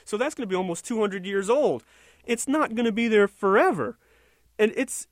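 Man, opinion rant, sarcastic, indignant, rambling, high voice, dry close sound. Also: fairly bright tone, no room sound. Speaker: political commentator.

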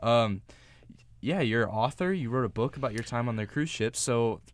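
A man hosting a radio interview show, asking questions in relaxed, chatty talk with frequent fillers. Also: mid-range voice, normal speed. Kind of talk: casual interview chat.

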